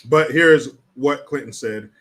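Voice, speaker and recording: A man's voice: medium pitch, takes it slowly. A man hosting a casual political commentary livestream, sarcastic and blunt, swearing freely.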